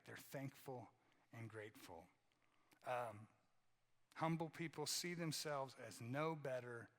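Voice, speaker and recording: A man's voice: medium pitch, a bit bright, long reverb tail. A man preaching a sermon in a conversational way, often tagging lines with "right?" and repeating phrases for emphasis. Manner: conversational, keeps asking "right?". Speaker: pastor. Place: church sanctuary.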